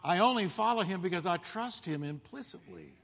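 A male pastor preaches in a lively storytelling style, jumping into the voices of the people in his story. His voice sits a bit high for a man. The sound rings with the long reverb of a big hall. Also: brisk. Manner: animated storytelling, acting out crowd voices. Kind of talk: sermon.

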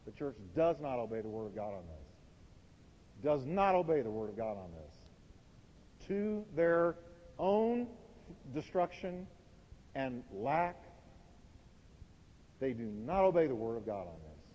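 Man preaching, emphatic, lively swings in pitch, long church reverb, muffled sound. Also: takes it slowly, pauses often. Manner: emphatic, preaching with sudden loud and quiet swings. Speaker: pastor. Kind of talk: sermon. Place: warm church sanctuary. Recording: dull, reverberant church recording.

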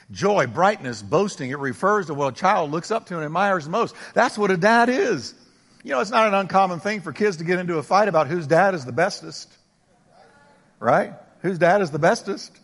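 An older male pastor preaching in a church sanctuary, his fairly high voice carrying through a long, echoing hall. He swings from loud, emphatic exclamations to soft, close asides as he preaches. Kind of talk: sermon.

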